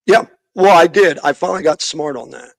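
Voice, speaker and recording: A man's voice: a little high, brisk, gravelly, dry recording. A middle-aged man, a youth minister and podcast guest, telling a long story in casual interview talk and acting out the people he quotes.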